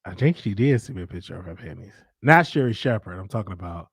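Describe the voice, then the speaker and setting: A man hosting his own show in rambling, animated casual chat, thinking out loud. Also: deep voice, quick pace, slightly rough, dry recording, studio quality. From Dallas, Texas. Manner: rambling, animated, talks to himself aloud. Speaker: show host.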